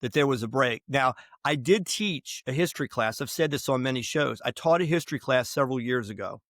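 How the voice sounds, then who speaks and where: An opinionated man holds forth as a podcast guest, mixing history anecdotes with strong views and plenty of restarts. His voice sits at an ordinary male pitch. The recording is close and dry, with no room echo. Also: brisk, fairly bright tone. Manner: emphatic, opinionated, digressive with restarts. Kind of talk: conversational interview, storytelling.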